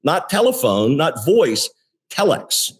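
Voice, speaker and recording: A man in his sixties, a company CEO, telling career stories in a relaxed interview, with frequent restarts and fillers. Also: on the high side, slow pace, slightly rough. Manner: animated storyteller with many restarts. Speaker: guest, tech company CEO. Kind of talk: casual interview storytelling.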